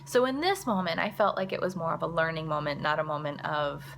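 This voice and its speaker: A woman's voice: low-pitched, fast talker, creaky, fairly bright tone, a little hiss or hum. A mother telling a story to camera in a chatty, casual way, full of "like" and "you know.". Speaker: mother and vlogger.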